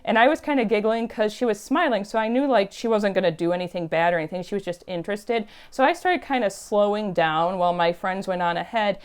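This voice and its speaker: A woman's voice: mid-range voice, a little fast, hardly any pauses, clear, resonant tone. A woman telling stories in a chatty, emphatic way on her casual vlog. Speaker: YouTube vlogger.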